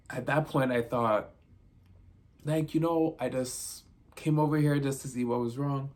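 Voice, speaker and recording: A man's voice: medium pitch, fairly even intonation, a little slow, darkish tone. A man vlogging a casual storytime, rambling through his retelling and leaning on constant "I'm like" to report what was said.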